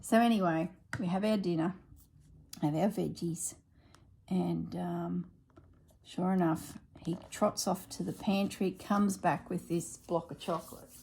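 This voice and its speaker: A woman's voice: lowish voice, steady tone, unhurried, gravelly, a little mellow. A woman, chatting and telling stories while she works on a craft project at home. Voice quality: chatty storyteller. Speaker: craft vlogger. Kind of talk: casual chat while crafting.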